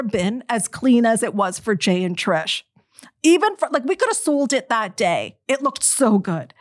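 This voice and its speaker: A middle-aged woman telling her own story to an audience, emotional and animated, speaking straight to her listeners. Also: a little high, unhurried, dry recording, studio quality. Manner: animated, emotional, direct address.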